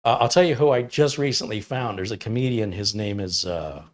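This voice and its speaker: A man's voice: fairly low pitch, a little fast. A man in his fifties from Michigan, a computer technician chatting casually with viewers on a livestream in a wry, opinionated manner with sarcastic asides. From Michigan, USA. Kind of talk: casual chat answering viewers.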